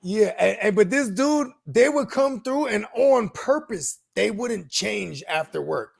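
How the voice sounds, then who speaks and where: A man co-hosting a podcast, talking in a casual, slangy, animated way and laughing often as he tells stories. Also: sits high, unhurried, creaky, slightly rough. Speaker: podcast co-host. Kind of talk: casual chat.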